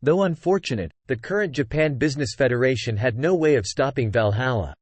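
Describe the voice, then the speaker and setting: A man narrating a web novel in a plain, steady reading. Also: medium pitch, brisk, no room sound. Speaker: audiobook narrator.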